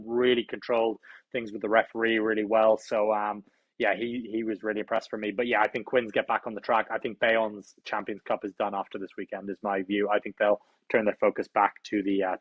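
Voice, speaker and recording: A man's voice: lowish voice, no echo. A man from Ireland talks through his rugby picks in an easy, opinionated way, often hedging with "I think". His voice comes across a remote connection that sounds dry and a little muffled. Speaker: podcast co-host. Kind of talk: casual sports chat.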